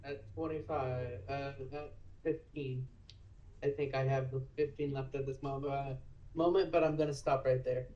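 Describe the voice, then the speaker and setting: A man playing a tabletop game, thinking aloud hesitantly with many pauses. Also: mid-range voice, fairly even intonation, dark tone, lo-fi sound, a little hiss or hum. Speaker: player. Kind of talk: casual tabletop play.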